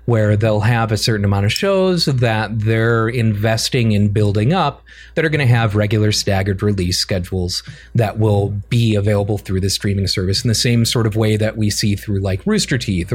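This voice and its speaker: A man's voice: on the low side, moderate pace, breathy edge. A man co-hosting a casual gaming chat, thinking aloud with plenty of fillers and restarts. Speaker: podcast co-host.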